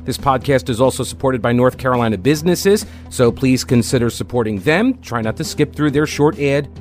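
A man's voice: medium pitch, brisk, darkish tone, faint music behind. A male talk radio host giving a chatty, sardonic monologue from a radio studio, with lots of fillers. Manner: conversational and sardonic, with frequent fillers.

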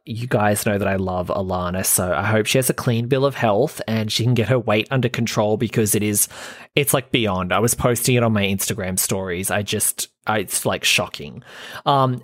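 A man's voice: medium pitch, no room sound, studio quality. A man hosting a podcast, recapping reality TV in a chatty, gossipy way with plenty of filler words. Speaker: podcast host.

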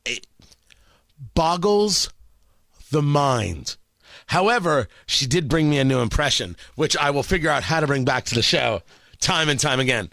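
An incredulous, sarcastic man delivers political commentary as host. His voice is high and bright, and his pitch leaps about. The sound is close and dry. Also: animated, a little slow, creaky, long pauses, no echo.

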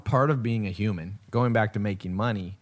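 A man's voice: on the low side, fairly quick, noisy background. A man hosting a podcast, chatting casually and rambling through stories, acting out the lines of people in them. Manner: rambling storyteller, acts out quotes. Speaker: podcast host. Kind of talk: casual chat.

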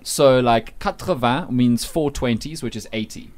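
A man's voice: mid-range voice, unhurried, darkish tone. A man hosting a breakfast radio show, teasing his co-hosts and explaining things carefully.

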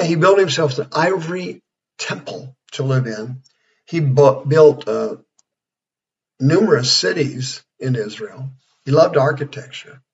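A man in his sixties giving a folksy, rambling radio Bible study as preacher and counselor. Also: mid-range voice. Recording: dull lo-fi radio sound.

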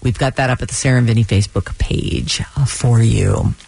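A woman's voice: very deep voice, a little fast, gravelly, darkish tone, slightly rough. A woman radio host chatting casually on air, recapping a comedy show with exasperated asides.

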